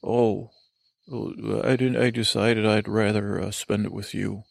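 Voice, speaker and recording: A man's voice: lowish voice, level tone, a little slow, vocal fry, no echo, heavily acted. A man voicing a meek, clingy male sidekick who talks hesitantly and a bit whiny, raising his voice slightly. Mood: timid.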